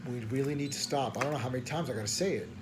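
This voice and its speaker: A man's voice: medium pitch, racing, noisy background. A man, a preacher venting late at night in rambling, slangy talk full of stammered restarts and frustration. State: tired at night.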